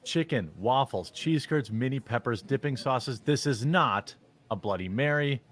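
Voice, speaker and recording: Man, streamer, blunt, mock-serious, casual commentary, mid-pitched voice. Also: lively intonation, measured pace, a bit bright.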